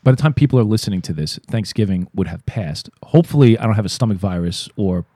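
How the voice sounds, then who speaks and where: A man's voice: fairly low pitch, lively intonation, fast, warm tone, slightly rough, no echo, studio quality. A man co-hosting a podcast, joking and teasing crudely in casual chat. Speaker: podcast co-host.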